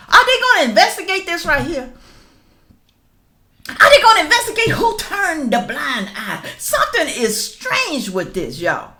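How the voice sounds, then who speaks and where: A middle-aged woman giving casual reaction commentary, reading news aloud and calling out to viewers as y'all, rising to loud emphatic questions. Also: very high-pitched, sing-song, unhurried. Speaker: political commentary vlogger.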